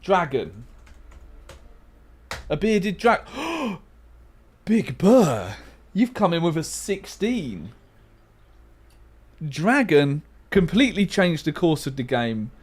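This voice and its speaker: A young man hosts a relaxed livestream, musing over word guesses with playful, self-mocking remarks. He talks at an unhurried, slow pace. His voice rises and falls with a lively pitch. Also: breathy edge. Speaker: livestream host. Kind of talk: casual livestream chat while playing a word game.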